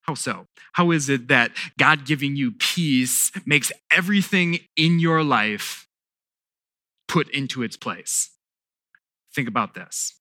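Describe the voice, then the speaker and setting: A middle-aged male pastor preaching a sermon, emphatic and deliberate, repeating key words with pauses for weight. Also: medium pitch, expressive, pushed and bright, no room sound, studio quality.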